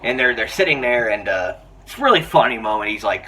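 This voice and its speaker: A young man giving a casual, excitable film review, rambling with lots of restarts and fillers. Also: fairly low pitch, a little fast, hardly any pauses, distant mic, slight background noise. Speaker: movie reviewer.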